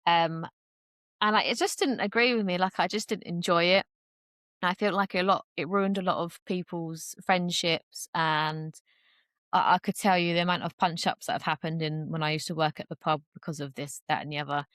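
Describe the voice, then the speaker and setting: Speaking candidly on a podcast, a young guest with a fairly low, fairly bright voice keeps up casual, filler-heavy chatter and performs the voices of people she quotes. She talks at normal speed with fairly even intonation, and the studio-quality audio has no echo.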